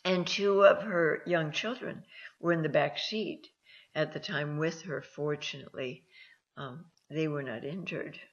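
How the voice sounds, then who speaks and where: Slow, gravelly-voiced woman telling stories. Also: deep voice. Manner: slow, halting, with many ums and restarts. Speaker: host and counselor. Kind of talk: personal storytelling talk. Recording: dull lo-fi sound.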